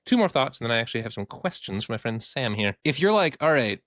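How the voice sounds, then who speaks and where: A man who works as a therapist, hosting a casual podcast and talking in an animated, joking way. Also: mid-range voice, fast, no room sound, studio quality. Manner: animated, joking, acts out quoted voices.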